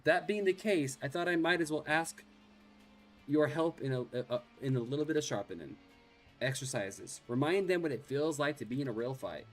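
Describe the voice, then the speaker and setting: A man reading a gruff naval officer's game dialogue aloud, stumbling over words now and then. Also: a little high, animated, normal speed, soft background music, close to an everyday voice. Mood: matter-of-fact. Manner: reads quest text aloud with stumbles.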